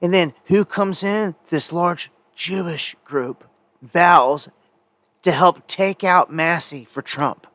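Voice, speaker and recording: A man's voice: a little high, takes it slowly, fairly bright tone, no room sound. A man hosting a live independent news show, talking in a rambling, conversational way with many fillers and restarts. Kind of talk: casual live news commentary.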